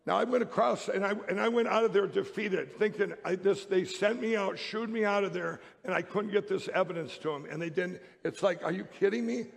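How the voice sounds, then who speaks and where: Man, public speech, heavily gravelly voice, rambling emphatic delivery, long hall reverb. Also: high voice, brisk, hardly any pauses. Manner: rambling, emphatic storytelling with many restarts. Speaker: public speaker. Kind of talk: speech to an audience.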